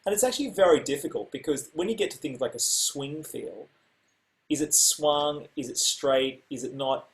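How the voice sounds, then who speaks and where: A man's voice: fairly high pitch, moderate pace, rough recording. Chatty man teaching music over a video call. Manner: chatty, explains by singing rhythms. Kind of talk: online music lesson.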